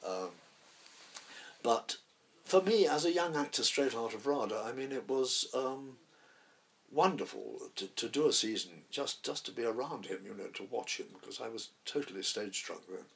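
A man's voice: medium pitch, expressive, normal speed, creaky, slight background noise. An actor in his eighties, a man, rambling through theatre anecdotes in an interview, often restarting his sentences. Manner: rambling storyteller, many restarts. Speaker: actor, guest.

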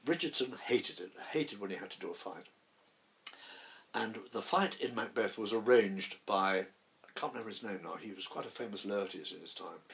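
A man's voice: on the low side, fairly bright tone. An actor in his eighties, a man, rambling through theatre anecdotes in an interview, often restarting his sentences. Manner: rambling storyteller, many restarts. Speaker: actor, guest.

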